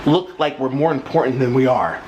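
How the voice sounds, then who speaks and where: A man's voice: mid-range voice, brisk, darkish tone, muffled recording, slight background noise. A man ranting in a casual vlog at home, indignant and exasperated, with a sarcastic edge. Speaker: vlogger. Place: at home in his apartment.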